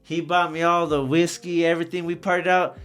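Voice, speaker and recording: A man's voice: fairly high pitch, brisk, clean tone, faint music behind. A man guest on a podcast telling casual, slangy, profane stories about his travels. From Socorro area. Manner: profane, slangy, animated anecdotes. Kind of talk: casual storytelling.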